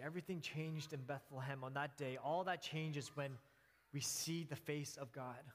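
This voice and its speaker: An earnest male pastor preaching in a slightly high voice. He tells his story with restarts and the odd soft laugh, and his words ring out with the long reverb of a church hall. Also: moderate pace. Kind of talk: sermon.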